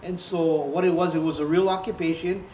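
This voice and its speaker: A man's voice: fairly high pitch, fairly even intonation, a little fast, darkish tone, recorded from a distance. An older man, telling stories in an oral history interview, laughing and acting out what others said. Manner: storytelling, laughs often, acts out quotes. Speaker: interviewee, former activist. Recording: roomy, off-mic, faint background noise.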